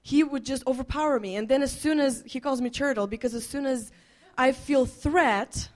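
Earnest woman telling a halting story. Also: high-pitched. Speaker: pastor. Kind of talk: marriage teaching talk with a co-host.

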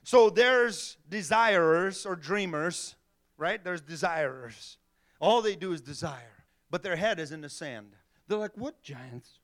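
A middle-aged male pastor preaching a sermon in an animated way, acting out little voices and laughing often. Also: high voice, unhurried.

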